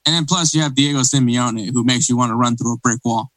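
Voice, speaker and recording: A man in casual podcast chat, circling his points and restarting often. His voice sits at an ordinary pitch. The sound is close and dry with no room around it. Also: fast, fairly bright tone, no echo, rough recording. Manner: rambling, many restarts and fillers. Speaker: podcast co-host.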